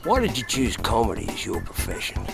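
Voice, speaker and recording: A man interviewing a comedian with quick questions. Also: on the low side, huge pitch swings, vocal fry, music in the background.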